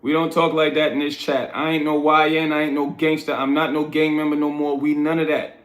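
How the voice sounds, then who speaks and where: A man's voice: on the high side, level tone, fairly quick, fairly bright tone. Blunt New man lecturing his livestream chat. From New York. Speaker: livestream host. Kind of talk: casual livestream chat, reading chat aloud. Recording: roomy echoey room.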